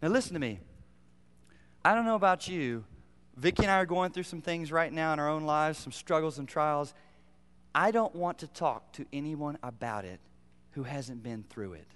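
Bright, high-voiced preacher in a hall. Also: male voice, normal speed, smooth. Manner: humorous storytelling, swinging from loud to hushed. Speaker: pastor. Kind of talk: sermon.

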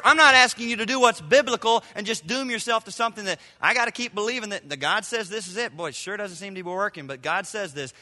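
High, bright-voiced preacher in a big hall. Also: male voice. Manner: emphatic, repetitive preaching with sudden loud outbursts. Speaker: pastor. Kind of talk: sermon. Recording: reverberant hall.

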